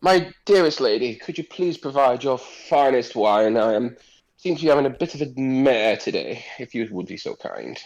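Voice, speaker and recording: A man's voice: mid-range voice, very animated, moderate pace, a little mellow, dull audio, pitched above the performer's own voice. A man voicing a pompous, flirtatious nobleman who talks in flowery, overly polite phrases. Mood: smarmy.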